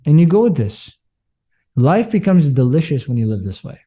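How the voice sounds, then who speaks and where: Dark-voiced man preaching mindset. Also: a little high, big pitch swings, moderate pace, husky. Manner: passionate, preachy storytelling; quotes himself and others in dialogue. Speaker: business coach. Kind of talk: candid interview talk.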